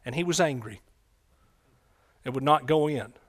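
A man preaching a folksy sermon in church, breaking into loud excited bursts. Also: medium pitch, normal speed, dry recording, studio quality. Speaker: pastor.

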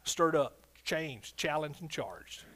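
Pastor guy preaching, kinda high voice, gets loud then real quiet, keeps asking amen. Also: animated, slow. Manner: swings from loud preaching to quiet asides, calls for amens. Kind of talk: sermon.

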